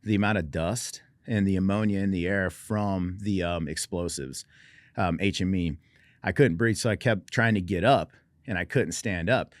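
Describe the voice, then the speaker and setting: A middle-aged man from Oregon, USA, a military veteran, shares his personal story as a conversation guest in a wry, self-deprecating, understated manner. He talks at normal speed in a low-pitched voice, recorded dry.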